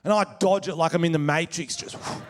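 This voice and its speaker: An Australian man performing a stand-up comedy set on stage, telling crude stories with loud shouted impressions. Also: on the high side, steady tone, quick pace, very noisy. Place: comedy venue stage before a live audience.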